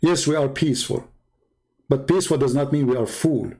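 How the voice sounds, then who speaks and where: A man's voice: mid-range voice, a little fast, darkish tone. A man from the Middle East speaking English, in an emphatic, repetitive casual monologue with broken grammar. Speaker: Christian apologist.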